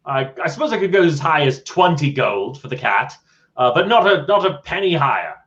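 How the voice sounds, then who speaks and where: A man voicing a haughty, well-groomed rich gentleman with a handlebar mustache who talks down to others, in a tabletop game. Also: fairly high pitch, very animated, brisk. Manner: snooty, condescending. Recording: dull lo-fi audio.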